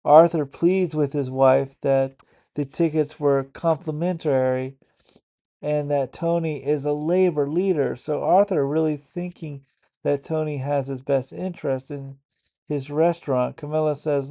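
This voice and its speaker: A man casually recapping a TV episode for his online channel, in a halting, stop-start way. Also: a little high, fairly even intonation, creaky, warm tone. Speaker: YouTube reviewer.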